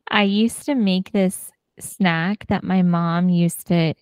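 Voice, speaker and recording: A woman's voice: on the low side, steady tone, slow pace, darkish tone, clean tone, no room sound, clean studio sound. Chatty woman podcast co-host. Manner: chatty, laughs often, many fillers. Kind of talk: casual chat.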